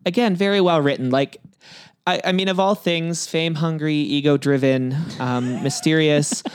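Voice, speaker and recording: Guy cohosting a podcast, jokey and rambly, kinda high clean voice, dry sound. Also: steady tone, moderate pace, clean tone, dry recording. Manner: joking, rambling with many fillers. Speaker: podcast co-host. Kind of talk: casual podcast chat.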